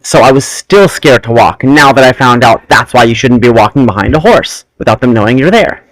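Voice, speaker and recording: This podcast host is a man who chats casually and rambles animatedly through stories of growing up. He speaks at medium pitch and fairly quickly, captured in a dry, rough recording.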